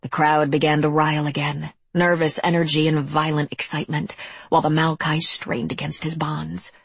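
Low, husky woman narrating a story. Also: little pitch movement, normal speed, dry recording. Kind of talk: audiobook narration.

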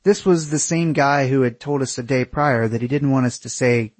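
A young man reads a first-person travel story in a crude, wry storytelling manner. His voice is somewhat husky and sits at a middle pitch. It is recorded dry and close. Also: steady tone, normal speed, hardly any pauses, darkish tone, dry recording. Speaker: narrator.

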